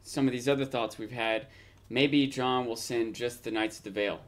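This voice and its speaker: A man with an ordinary mid-range voice co-hosting a casual discussion. He puts forward ideas tentatively and conversationally, often opening with a soft hedge. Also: medium pitch, steady tone, normal speed. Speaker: podcast co-host.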